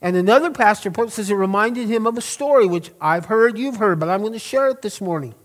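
A man's voice: high voice, lively intonation, brisk. A middle-aged man, preaching a sermon in an earnest, emphatic way and drawing out key words. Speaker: pastor.

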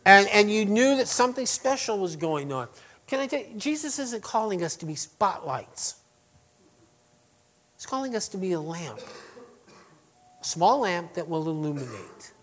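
A man preaching a sermon to his congregation, chatty and full of asides, who swings between loud emphatic passages and quiet, hushed lines. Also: high voice, sing-song, moderate pace, long pauses. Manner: conversational with restarts and asides to the congregation. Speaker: pastor.

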